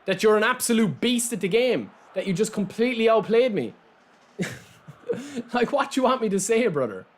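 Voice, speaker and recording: Very animated and moderately paced, a high-voiced Irish man streams himself playing a football video game. He keeps the live chat casual, addressing viewers directly and reading out and responding to their messages.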